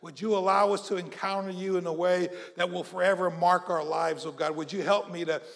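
A man from South Mississippi, preaching a sermon and leading the congregation in call-and-response, moving between hushed prayer and shouting. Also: high voice, steady tone, a little fast, vocal fry. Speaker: pastor. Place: church hall. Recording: long church-hall reverb.

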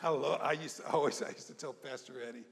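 A man from South Mississippi, preaching a sermon and leading the congregation in call-and-response, moving between hushed prayer and shouting. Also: on the high side, steady tone, quick pace, creaky. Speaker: pastor. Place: church hall. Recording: long church-hall reverb.

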